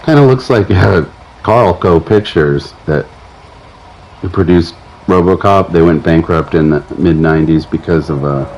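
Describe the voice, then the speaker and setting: A man's voice: low voice, a little slow, darkish tone, dull audio. A man streaming a horror game, riffing with crude jokes and slipping into a mock Scottish accent. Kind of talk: comedic gameplay commentary.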